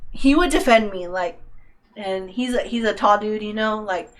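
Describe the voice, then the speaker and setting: At an ordinary speed and in a mid-range voice, this young woman shares a story while co-hosting a podcast. The chat is casual and lively; she curses without restraint and performs other people's lines.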